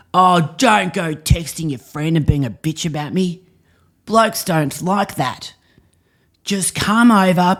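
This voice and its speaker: A man playing a crude, demanding Australian bloke with a broad Australian accent, in a loud, brash drawl. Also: fairly high pitch, pitched above the performer's own voice.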